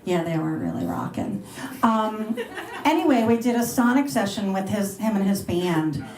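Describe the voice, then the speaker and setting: A woman's voice: medium pitch, very animated, normal speed, darkish tone. Chatty middle-aged woman radio host. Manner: chatty, laughing, bubbly asides. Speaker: radio host speaking at a luncheon. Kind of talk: casual talk and Q&A with an audience. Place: restaurant dining room. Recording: roomy live event recording.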